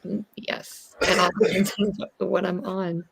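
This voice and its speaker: A woman's voice: lowish voice, little pitch movement, unhurried, vocal fry, breathy edge. A woman calling into a friend's livestream and teasing him in a bossy, playful way. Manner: teasing, bossy, talks over. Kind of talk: casual teasing chat.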